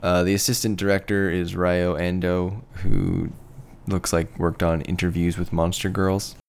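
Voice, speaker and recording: A man's voice: sits low, little pitch movement, unhurried, gravelly. A man co-hosting a casual podcast chat, talking in a thoughtful, hedging way. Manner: thoughtful, hedging, apologetic about pronouncing names. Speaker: podcast co-host.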